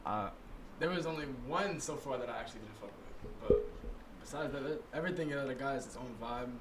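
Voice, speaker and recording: A man's voice: mid-range voice, brisk, over loud music. A young man, a guest rapper on a podcast, telling stories in laid-back slang with lots of swearing. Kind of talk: casual chat.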